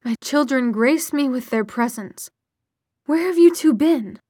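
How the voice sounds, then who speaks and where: Stern middle-aged mother voiced by a woman reader, clipped commanding speech, highish voice, dry recording. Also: moderate pace, no echo, natural voice. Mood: demanding.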